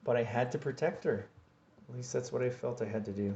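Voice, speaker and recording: A man vlogging a personal story, halting and repeating himself as he acts out his own pleas. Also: mid-range voice, dark tone, slight background noise. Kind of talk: personal story told to camera. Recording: dull lo-fi recording.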